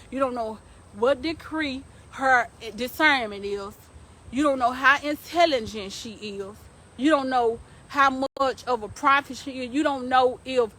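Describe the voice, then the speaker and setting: A woman's voice: on the high side, a bit bright, slight background noise, poor audio. Fervent woman preaching to her viewers. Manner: emphatic, repetitive, preaching to viewers. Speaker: live-stream host. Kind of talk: preachy motivational live-stream talk.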